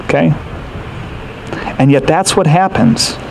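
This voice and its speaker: A man's voice: on the high side, slow, creaky, noisy background. A man preaching a sermon, explaining a scripture passage in an earnest, teaching way with rhetorical questions. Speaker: pastor.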